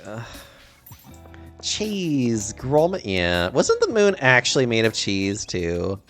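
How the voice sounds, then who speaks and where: A man from Texas chatting casually while streaming a game, animated and rambling, often laughing. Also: medium pitch, slow pace, soft background music.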